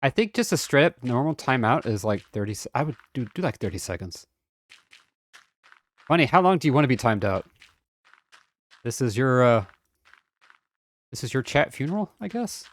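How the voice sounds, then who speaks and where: A man chatting casually and playfully on a game stream, excitable and fond of silly sing-song bits. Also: medium pitch, normal speed, pauses often.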